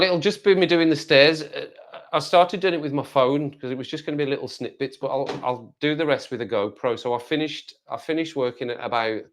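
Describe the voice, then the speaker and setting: A man with a Black Country accent chats loosely on a live stream, wandering from one thought to the next as he answers his viewers. His voice sits at an ordinary middle pitch, and his tone stays relaxed and conversational. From West Midlands, England. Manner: rambling, chatty, reads viewer comments aloud. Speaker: livestreamer. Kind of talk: casual live-stream chat.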